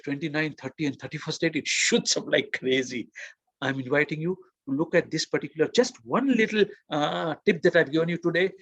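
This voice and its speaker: A man from India giving a motivational webinar, telling stories and acting out the quotes with lively emphasis. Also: fairly high pitch, slightly rough, no echo. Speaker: webinar presenter.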